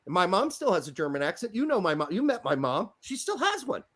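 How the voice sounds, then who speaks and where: A man co-hosting a podcast, chatting casually and ranting in an animated, self-mocking way. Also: high voice, fast. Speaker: podcast co-host.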